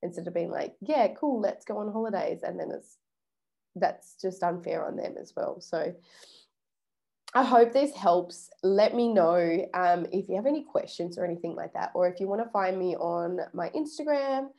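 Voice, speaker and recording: A woman's voice: on the low side, normal speed, creaky, dark tone. A young woman vlogging casually about personal boundaries, chatty and swearing freely, acting out little quoted exchanges. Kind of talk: casual self-help vlog.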